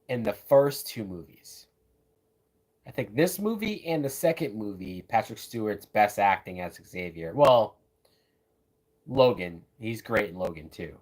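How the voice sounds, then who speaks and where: A man giving casual, loose live commentary while watching a movie, often tossing in "man" and "like". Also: lowish voice. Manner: loose, chatty, says "man" and "like" a lot.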